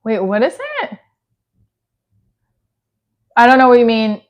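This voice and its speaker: A woman's voice: fairly high pitch, fairly even intonation, takes it slowly, muffled recording. Chatty woman hosting a livestream. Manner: chatty, self-deprecating, answers chat mid-sentence with restarts. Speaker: livestream host reading viewer comments. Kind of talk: rambling casual live chat.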